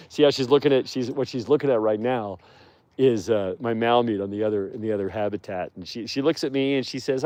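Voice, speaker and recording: A man of medium pitch rambles cheerfully through a casual livestream, laughing easily between asides. He is outdoors beside wolf enclosures, talking into a handheld phone. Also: a little fast, warm tone. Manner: rambling and chatty, with easy laughter. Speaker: wolf sanctuary host.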